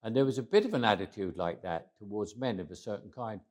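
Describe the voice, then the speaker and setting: An older man with a Cockney accent talks through memories in an interview. His voice sits low, and he often chuckles and trails off quietly. He restarts phrases as he goes. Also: lively intonation, fast talker. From England. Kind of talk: reflective interview storytelling.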